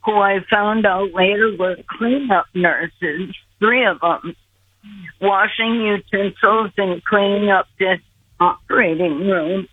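Older woman, slow, husky, over phone. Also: medium pitch, dry recording. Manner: slow, earnest storytelling. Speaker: guest. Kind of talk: personal storytelling. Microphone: telephone. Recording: tinny phone line.

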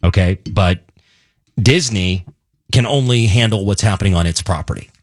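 Husky low-voiced man talking on radio. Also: moderate pace, no room sound, clean studio sound. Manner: explanatory, stumbling restarts. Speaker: radio co-host. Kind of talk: casual talk radio chat. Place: radio studio.

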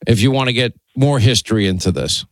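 A man's voice: medium pitch, expressive, fast talker, dry recording. A man hosting a talk radio show, chatting casually with fillers and asides. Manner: conversational, musing, frequent fillers. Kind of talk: casual radio banter and call-taking. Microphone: studio microphone.

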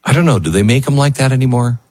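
A man's voice: medium pitch, very fast, darkish tone, no echo. A man hosting a talk show, musing emotionally in casual commentary with many fillers.

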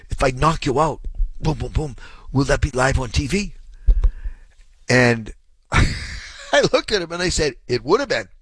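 A man's voice: fairly low pitch, fairly bright tone, husky, no echo. A man in his sixties hosting a call-in radio show, telling a long anecdote in a rambling way, full of ums and chuckles. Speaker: radio talk show host.

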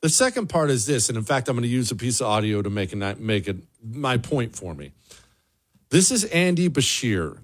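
A man runs his solo commentary show in a blunt, sarcastic tone. His pitch swings widely as he presses a point. He often repeats himself for emphasis. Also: very animated, normal speed. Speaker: political commentary host.

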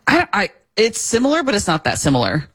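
A woman's voice: medium pitch, huge pitch swings, fairly quick, a bit bright, breathy edge. A woman co-hosting a talk radio show, speaking in a dry, matter-of-fact way. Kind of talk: casual talk radio banter.

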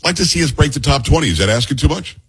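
A man's voice: fairly high pitch, expressive, racing, breathy edge. A man hosting a radio talk show from a studio, rambling and joking in teasing banter with his co-host. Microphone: studio microphone.

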